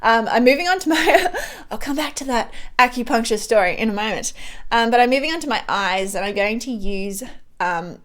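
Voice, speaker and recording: A young woman talks through her makeup routine at home in a loose, rambling way, with plenty of ums and restarts. Her voice sits a little high. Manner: rambling, with many fillers and restarts. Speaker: beauty vlogger. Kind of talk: chatty get-ready-with-me update.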